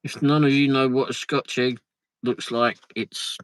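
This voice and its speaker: In a vehicle on the road, a male streamer chats casually at a measured pace. His mid-range voice is a bit bright with little pitch movement, and he reads viewer comments with muttered asides. The audio is poor and dry.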